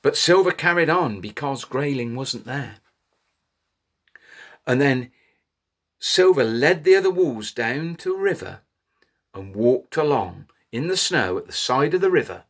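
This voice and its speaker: A man telling a children's story in an animated way, inviting little listeners to join in. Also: medium pitch, measured pace, pauses often. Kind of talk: interactive children's story reading.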